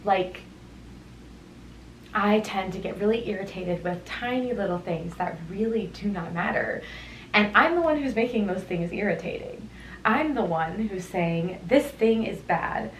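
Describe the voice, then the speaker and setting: A woman's voice: mid-range voice, a little slow, reverberant, a little hiss or hum, rough recording. A young woman hosting a solo podcast, talking through her thoughts in a reflective, meandering way, wandering into tangents. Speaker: podcast host. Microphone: headphones on, studio-style mic.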